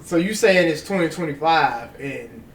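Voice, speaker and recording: A man's voice: a little high, expressive, moderate pace, recorded from a distance. A man on a podcast panel, stubborn and dismissive, holding firm to his view. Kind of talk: casual group debate. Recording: roomy, off-mic with faint hum.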